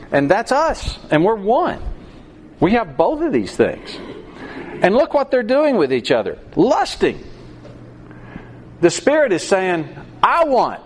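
A man's voice: high-pitched, slight background noise. A man preaching a sermon, acting out quoted voices with animation.

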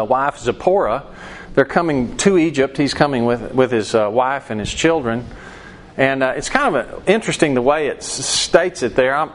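Leading a Bible study class conversationally, a man acts out quoted voices and puts questions to the class. His pitch is fairly high.

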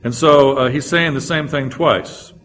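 A man's voice: mid-range voice, measured pace, fairly bright tone, slight background noise. A man teaching a Bible lecture, explaining verses and reading scripture aloud with frequent "uh" fillers.

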